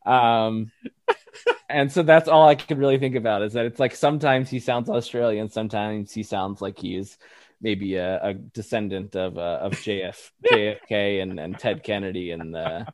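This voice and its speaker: A podcast co-host with a lowish voice and fairly even intonation chats casually through a review at normal speed. He laughs often and uses many fillers. The recording is dry and studio quality.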